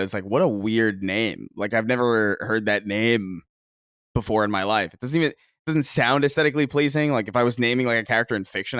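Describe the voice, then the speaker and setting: A man co-hosts a casual podcast chat, rambling along with plenty of fillers. His voice sits at an average pitch. The recording is dry and close. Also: a bit bright, no echo. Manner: chatty, rambling with many fillers. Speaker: podcast co-host.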